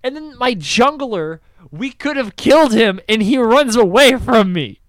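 A young man in casual chat about video games, ranting profanely with loud outbursts. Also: extremely high pitch, expressive, a little slow, no room sound.

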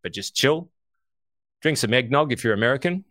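A man's voice: mid-range voice, normal speed, no room sound. Aussie guy ranting about markets, swears a lot, talks right to you, dry sound. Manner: animated, swears casually, addresses listeners directly. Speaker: co-host. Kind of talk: casual market commentary.

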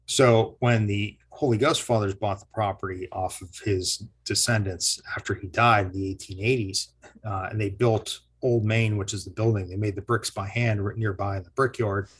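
Husky-voiced historian spinning a ghost story. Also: male voice, on the low side. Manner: rambling, self-correcting, chuckles often. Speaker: historian and teacher. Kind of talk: casual interview storytelling.

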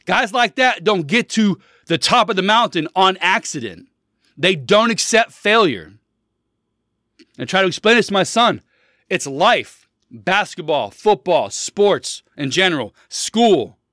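Blunt preachy man, higher-pitched and dry. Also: animated, a little slow, sharp tone, no room sound. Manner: blunt, preachy, repeats himself for emphasis. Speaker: podcast host. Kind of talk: casual solo podcast monologue.

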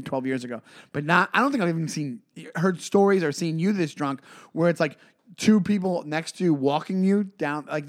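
Animated, swearing man in his forties. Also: on the high side. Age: 40s. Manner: animated, swearing, many restarts. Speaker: comedian and podcast co-host. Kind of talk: casual chat, storytelling.

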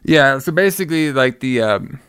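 A man's voice: medium pitch, expressive, moderate pace, a bit bright, clear, resonant tone, dry recording, clean studio sound. A man casually retelling a film plot, swearing freely and acting out the characters' lines. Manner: profane, rambling, acts out quoted lines. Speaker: podcast co-host recapping a film. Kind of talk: casual chat.

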